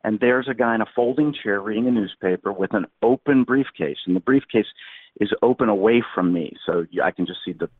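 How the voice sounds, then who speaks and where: A man's voice: on the low side, fairly quick, husky, dry recording. Man in his sixties on a tinny line. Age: 60s. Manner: rambling, vivid storyteller who acts out quotes. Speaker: guest. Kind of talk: anecdotal storytelling in a podcast interview.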